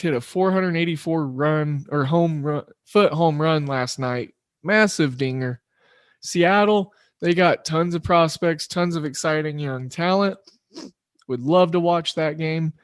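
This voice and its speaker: A man with a slightly higher voice runs a solo sports betting podcast, chatting loosely and poking fun at himself. His delivery rambles in a relaxed way. The recording is close and dry, with no room sound. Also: dry recording. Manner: loose, rambling, self-deprecating. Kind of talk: casual solo podcast talk.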